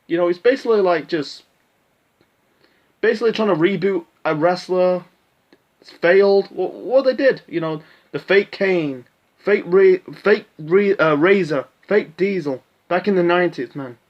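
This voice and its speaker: A man with a high-pitched voice rants through a casual recap, blunt and profane, leaning on "you know" and "man". The recording is a bit dull and lo-fi. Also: measured pace. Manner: blunt, profane, frequent fillers. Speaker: wrestling commentator. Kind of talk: casual show recap rant.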